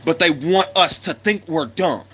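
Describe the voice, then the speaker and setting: A man's voice: a little high, a little slow, pushed and bright, husky. A man from America delivering an angry, profane monologue to his viewers, firing off rhetorical questions and coughing now and then. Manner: blunt, profane and combative, with repeated rhetorical questions.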